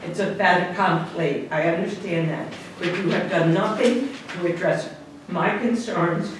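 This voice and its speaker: A man's voice: sits high, unhurried. A man, a neighboring resident, making an upset, pleading public comment at a hearing. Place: town meeting room. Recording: echoey room from far off, faint hiss.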